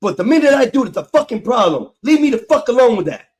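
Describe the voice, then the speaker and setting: A man's voice: extremely high pitch, sing-song, fast, a little mellow. A man hosting a live stream panel, arguing angrily and defiantly, swearing a lot. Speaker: stream host. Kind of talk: heated argument on a live stream.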